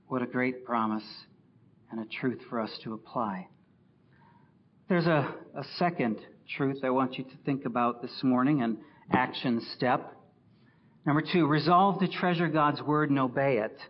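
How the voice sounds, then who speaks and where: Man, pastor, sermon, emphatic, slow delivery, dull lo-fi recording. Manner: emphatic, rising loud for scripture and dropping low and soft for reflection.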